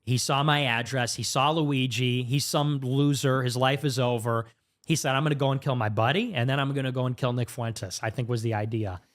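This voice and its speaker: Man telling a story on a podcast. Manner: fast, animated retelling with sudden pitch jumps. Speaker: podcast guest. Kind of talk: casual storytelling interview. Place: podcast studio.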